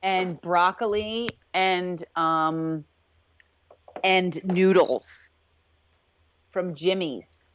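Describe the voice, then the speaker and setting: A woman co-hosting a casual TV recap chat, chiming in with quick quips and echoing her co-host. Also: on the low side, fairly bright tone, dull audio, a little hiss or hum. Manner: chimes in with short quips and echoes. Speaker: podcast co-host.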